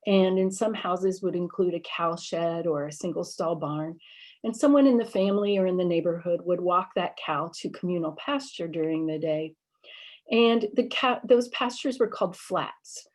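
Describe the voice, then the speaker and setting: A woman with a lowish voice walks an audience through slides in a relaxed lecture. She explains each sound with examples, fills pauses with ums, and corrects herself as she goes. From Michigan. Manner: explanatory, frequent fillers, apologizes while losing place. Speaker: linguistics professor giving a library talk.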